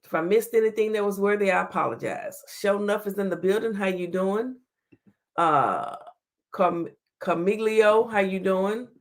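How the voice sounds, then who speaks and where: A woman's voice: medium pitch, moderate pace. A woman hosting a casual livestream talk show, chatting and greeting viewers by name.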